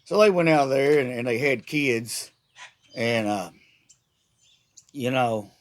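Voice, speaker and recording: This middle-aged vlogger takes it slowly, his voice medium in pitch. His lengthy, casual rant is sarcastic and irreverent, meandering through restarts and repeated words.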